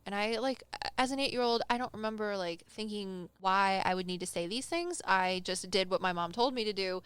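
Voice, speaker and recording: A young woman casually telling a personal story on a podcast, animated and acting out the people she quotes. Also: mid-range voice, brisk, few pauses, clean tone, dry recording. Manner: animated, acts out quoted voices, laughs often. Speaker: medium telling stories on a podcast.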